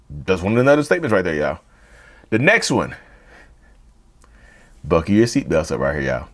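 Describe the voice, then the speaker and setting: Male host, direct-to-camera talk, animated and repetitive, very lively pitch. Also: moderate pace, pauses often. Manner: animated, repeats and rephrases points; addresses viewers as "y'all". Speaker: mental health channel host.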